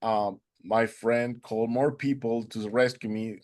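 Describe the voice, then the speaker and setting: Guest storyteller: man, Spanish native speaker, earnest, mid-pitched, non-native English phrasing. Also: fairly even intonation, a little slow, a little mellow. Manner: acts out quoted dialogue in a raised voice. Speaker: interview guest.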